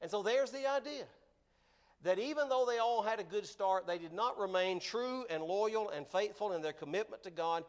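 A man preaching a sermon, earnest and emphatic, slowing down to stress key words. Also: sits high.

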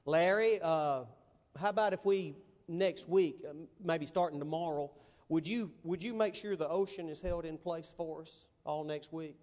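A preacher voicing God as a stern, questioning male figure, speaking slowly and weightily. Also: fairly high pitch, a little mellow, long reverb tail, pitched below the performer's own voice, lightly acted. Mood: wry.

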